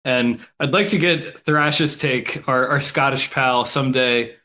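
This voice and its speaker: Man, podcast co-host, bright tone, loose casual chat, lots of "like". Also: mid-range voice, a little slow. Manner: loose and chatty, frequent "like".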